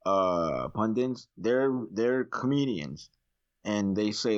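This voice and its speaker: A man with a low voice, chatting in a loose, rambling way. He clears his throat often as he tells his stories. The recording sounds dull and lo-fi. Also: animated, slow. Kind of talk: casual chat.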